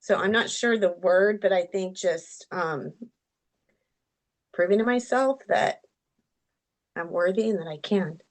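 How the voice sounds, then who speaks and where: A woman's voice: medium pitch, measured pace, long pauses. A woman taking part in an online class, speaking hesitantly, stopping and restarting with "like" and "um". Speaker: class participant.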